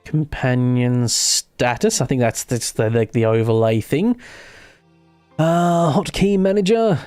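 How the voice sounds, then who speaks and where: A man's voice: medium pitch, lively intonation, slow, darkish tone, dry recording. Guy rambling on a game stream, mid voice, dry close mic, bit of music under it. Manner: rambling, chatty, self-interrupting. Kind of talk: casual live gameplay chat.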